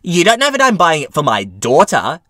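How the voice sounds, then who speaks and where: Guy putting on a pushy entitled mom, high and whiny, always indignant. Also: wildly swooping pitch, normal speed, fairly bright tone, no echo, studio quality. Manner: indignant, demanding, screaming at times. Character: loud entitled middle-aged mother, pushy and shrill.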